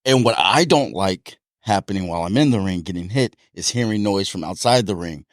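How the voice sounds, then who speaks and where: Animated laughing man telling boxing stories. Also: deep voice, a little fast, no echo, studio quality. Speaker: podcast co-host, boxer. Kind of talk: casual chat.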